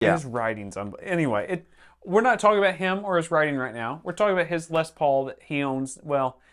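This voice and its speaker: A man's voice: fairly high pitch, expressive, a little fast, fairly bright tone. Rambling male guitar-show co-host. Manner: rambling, loose, with fillers. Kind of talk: casual chat about guitars.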